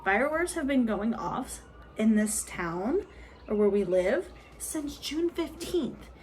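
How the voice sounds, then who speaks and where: Young female vlogger, high lively voice, unhurried sweary home rant, faint room noise. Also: low-quality recording. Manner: swearing, ranting, laughing a lot. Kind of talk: casual vlog chat. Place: home, bathroom and office.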